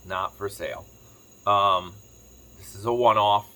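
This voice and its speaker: Fast-talking man with a bright voice. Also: fairly low pitch, fairly even intonation. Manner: rambling, fast-talking storyteller. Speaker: farm vlogger. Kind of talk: casual chat to camera. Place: home kitchen, sitting on the floor.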